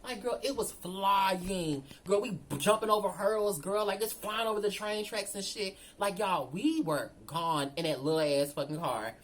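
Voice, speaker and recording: A woman telling a storytime vlog, animated and profane, talking straight to her viewers. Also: medium pitch, normal speed, hardly any pauses. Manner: animated, profane, addresses viewers as girl and y'all. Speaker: storyteller vlogger.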